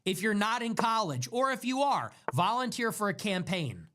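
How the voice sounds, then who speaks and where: A man's voice: high voice, very animated, normal speed, fairly bright tone. A man delivering an impassioned monologue to his viewers, hammering home repeated, emphatic commands. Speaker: online political commentator.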